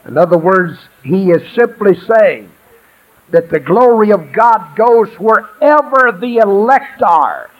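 High-voiced exuberant preacher man. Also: animated, slow pace, highs cut off. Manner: exuberant call-and-response preaching, shouts and laughs. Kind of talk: sermon. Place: church sanctuary.

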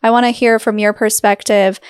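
A woman's voice: on the high side, little pitch movement, moderate pace, clear, resonant tone, no echo, studio quality. A woman hosting a podcast interview, asking her guest questions and adding brief, attentive affirmations. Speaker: podcast host.

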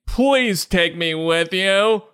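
A man's voice: high-pitched, extremely slow, fairly bright tone, smooth, pitched above the performer's own voice, heavily acted. A man putting on a whiny, pleading retired grandfather in a comedy book review.

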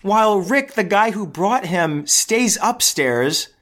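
A man's voice: high voice, expressive, slow pace, a bit bright. A man hosting a podcast, telling a long comedic story in a rambling, profane way and laughing often. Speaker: podcast host.

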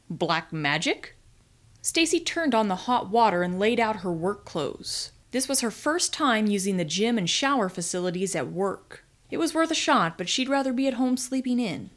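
A woman host reading her own scripted story aloud, with dry comic timing and dramatic pauses. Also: mid-range voice. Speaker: podcast host and story writer.

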